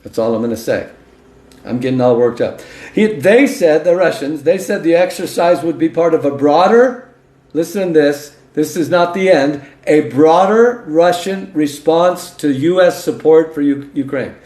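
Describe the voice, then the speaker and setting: A man's voice: fairly high pitch, moderate pace, a little mellow. A male host giving a political commentary monologue in a folksy, emphatic way, reading news aloud and breaking in with his own remarks. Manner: folksy and emphatic, interjecting "okay?" and "listen to this". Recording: roomy echo.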